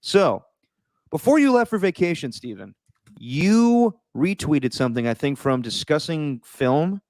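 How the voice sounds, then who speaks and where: A man co-hosting a casual podcast chat, animated and mocking, tossing in quick impressions. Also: on the high side, dry recording, studio quality. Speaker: podcast co-host.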